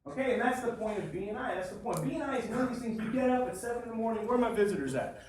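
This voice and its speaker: Brief: animated, high-voiced man working a crowd, swears freely, recorded far off in an echoey meeting room with the crowd audible. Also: rapid-fire. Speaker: speaker at a business networking meeting. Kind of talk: humorous motivational storytelling to a group. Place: meeting room with a live audience.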